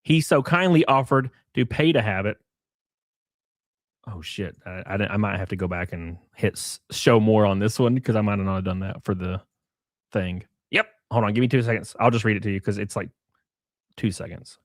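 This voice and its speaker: A man's voice: lowish voice, normal speed, no echo, studio quality. A man hosting a livestream, reading messages aloud with sarcastic, profane commentary. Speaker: streamer host.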